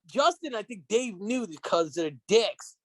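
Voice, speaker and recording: Guest on a podcast, lively up-and-down voice, dry close mic, cursing and laughing. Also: male voice, sits high, a little slow, no echo. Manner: animated, profane, laughing storyteller. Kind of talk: casual podcast storytelling.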